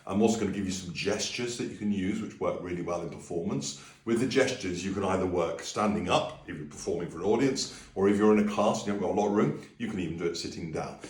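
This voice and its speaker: Man, low voice, easygoing song teacher, roomy and slightly distant sound. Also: darkish tone. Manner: friendly, easygoing explanations with sung demonstrations. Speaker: music teacher. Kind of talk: video singing lesson. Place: room with a piano. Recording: echoey room, voice a little distant.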